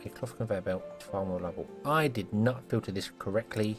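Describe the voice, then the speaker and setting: A man's voice: fairly low pitch, a little fast, faint music behind. A man giving casual, self-mocking commentary while live-streaming a building game, playfully scolding the characters in it.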